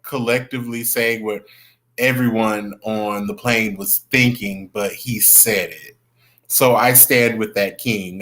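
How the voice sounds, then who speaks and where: Young male livestream host, unhurried, bright tone, gossipy and chatty. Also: mid-range voice. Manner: chatty, greets viewers by name, gossipy. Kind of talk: casual livestream chat.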